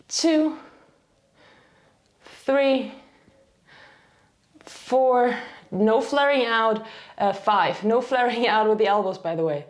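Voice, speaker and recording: A woman with as her leads a home dumbbell workout, a bit out of breath, chatty and self-deprecating, counting reps aloud. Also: mid-range voice. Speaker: fitness instructor. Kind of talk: casual workout instruction.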